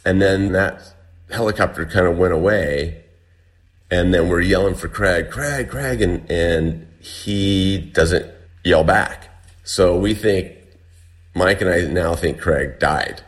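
Very deep-voiced man telling a story. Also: steady tone, slow. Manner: chatty, heavy on "like" and restarts. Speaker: guest telling a survival story. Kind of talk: casual storytelling.

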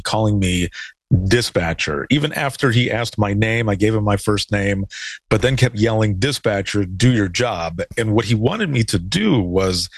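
A man, a former emergency dispatcher, recalling calls in a relaxed storytelling way. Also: lowish voice, breathy edge, no room sound. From Michigan, USA. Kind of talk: recorded interview anecdote.

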